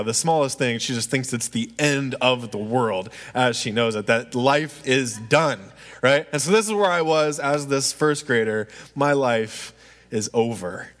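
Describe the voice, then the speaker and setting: A man delivers a storytelling sermon in a relaxed, conversational manner. He keeps checking in with his listeners. His voice rings with a long reverb in a large hall. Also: mid-range voice. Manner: conversational, asks the audience "right?" often. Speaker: preacher.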